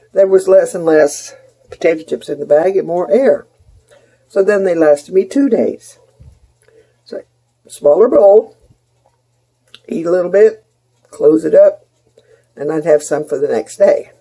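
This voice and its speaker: Gravelly, chatty middle-aged woman. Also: lowish voice, dark tone. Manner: chatty, rambling, homey asides to viewers. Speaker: home cooking vlogger. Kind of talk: casual kitchen chat.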